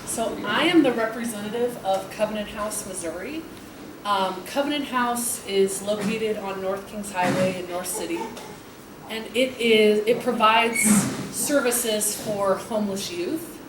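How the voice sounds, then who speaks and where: A woman's voice: mid-range voice, a little slow. Earnest woman presenting in a noisy hall. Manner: earnest, steady, with frequent ums. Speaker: charity representative. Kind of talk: informal presentation. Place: meeting hall. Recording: echoey hall from far off, noisy.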